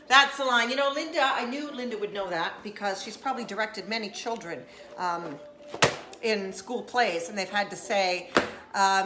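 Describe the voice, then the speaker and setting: A woman's voice: mid-range voice, moderate pace, reverberant, background noise. A woman hosting a casual live stream from her home kitchen, talking playfully and greeting viewers by name.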